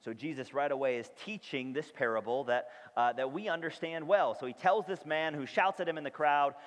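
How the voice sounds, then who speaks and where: A man's voice: on the high side, fairly quick. A man preaching a sermon to his congregation in a church, speaking emphatically and often checking in with them. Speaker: pastor. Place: church sanctuary. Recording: long reverb of a large hall.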